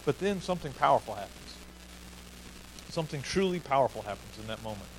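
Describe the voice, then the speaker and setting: A man's voice: mid-range voice, sing-song, fast, slight background noise, rough recording. A man preaching a sermon in an earnest way, often repeating key phrases for emphasis. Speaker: pastor.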